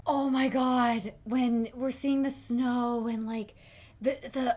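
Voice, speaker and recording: Gushing high-voiced woman reacting to anime. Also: little pitch movement, slow, darkish tone, dull audio. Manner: gushing, emotional, many fillers and restarts. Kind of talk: live reaction commentary.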